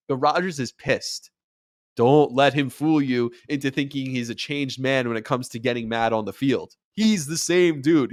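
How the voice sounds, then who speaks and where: Animated man in casual sports commentary. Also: mid-range voice, dry recording, studio quality. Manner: animated, rising to near-shouts when acting out quotes. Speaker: podcast host and sports radio commentator.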